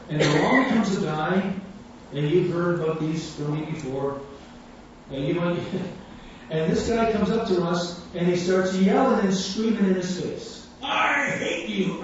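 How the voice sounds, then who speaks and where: High-voiced man preaching in an echoey hall. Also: unhurried. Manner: animated storyteller, acts out quoted voices. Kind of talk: sermon storytelling. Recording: echoey hall, distant mic, dull sound, faint room hum.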